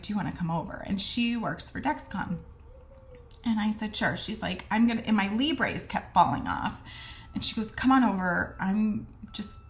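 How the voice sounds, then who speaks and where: An earnest woman in casual storytelling mode, speaking at a medium pitch. She is chatty and keeps acting out the things people said to her, with plenty of fillers and restarts along the way. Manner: chatty, acts out quoted conversations. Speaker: vlogger sharing a personal health story.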